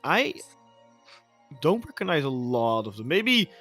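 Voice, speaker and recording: A man casting a competitive video game match, with play-by-play commentary that gets loud and energetic during the action. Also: fairly high pitch, measured pace, faint music behind. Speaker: esports caster.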